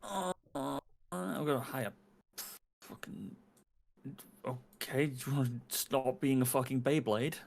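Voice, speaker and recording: A man's voice: mid-range voice, slow pace, creaky, long pauses. A man playing a tabletop game, laughing often and swearing casually. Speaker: player.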